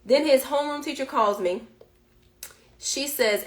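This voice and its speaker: A woman hosting a live stream, telling a story in an animated, playful way and talking straight to her viewers. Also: sits high, measured pace.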